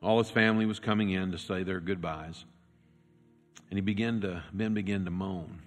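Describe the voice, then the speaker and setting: Lower-voiced male pastor in a reverberant church. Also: brisk. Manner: storytelling with dramatic swings from loud to hushed. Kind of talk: sermon. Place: church sanctuary. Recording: long reverb with faint music.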